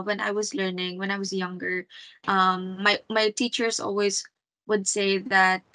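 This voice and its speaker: A woman's voice: mid-range voice, bright, forceful tone, no room sound, low-quality recording. A woman teaching a one-on-one English lesson over a video call, patient and encouraging, with frequent fillers and repeated words.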